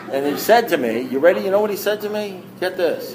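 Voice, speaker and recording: A man sharing his recovery story at a meeting, telling it in an animated, self-mocking way with emphatic repetition. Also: a little high, fairly quick, background noise.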